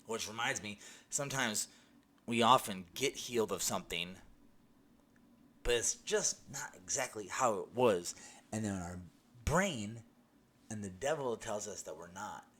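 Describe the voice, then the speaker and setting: With a lowish voice, a measured pace, and long pauses, a man recounts his personal testimony. He is excited and emphatic, laughing as he goes and restarting many times in his casual telling.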